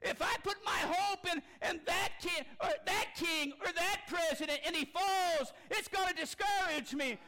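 A man preaching a sermon, folksy and impassioned, rising to shouts. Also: very high voice. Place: church sanctuary.

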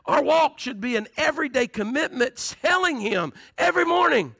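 A man's voice: very high-pitched, big pitch swings, moderate pace, hardly any pauses, pushed and bright, husky, dry recording. A man preaching a fervent sermon as pastor, firing rhetorical questions at his congregation.

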